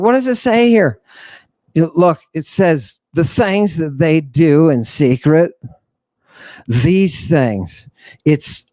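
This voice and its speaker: Flamboyant guy lecturing, higher voice, slow and drawn out, dry close sound. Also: dry recording. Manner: flamboyant, teasing, shifts between hushed and shouting. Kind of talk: theatrical livestream lecture.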